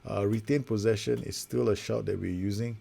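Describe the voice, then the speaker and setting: Brief: male gaming host, lowish voice, chatty and self-deprecating, calls every pass in a sim match. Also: steady tone, a little fast, vocal fry, warm tone. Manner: rambling, self-mocking, narrates passes play by play. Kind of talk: casual live commentary over a football management game.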